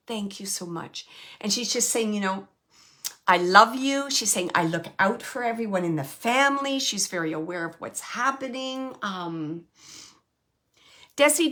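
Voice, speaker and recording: A woman medium giving a gentle live reading, passing on messages from a spirit in the first person. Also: mid-range voice.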